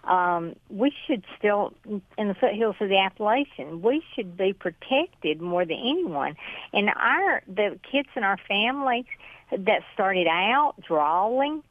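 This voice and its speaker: A chatty woman with a Southern Georgia drawl talks warmly as an interview guest, laughing easily between answers. Her voice comes through thin and phone-like, with a dry sound and no room around it. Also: mid-range voice, sing-song, unhurried, no echo. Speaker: author and guest. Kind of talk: morning show interview.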